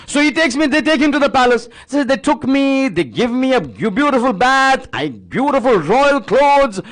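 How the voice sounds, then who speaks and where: A man's voice: extremely high pitch, expressive, normal speed, a bit bright. A man giving a sermon, retelling a religious story with dramatic repetition and acted-out dialogue. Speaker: religious speaker.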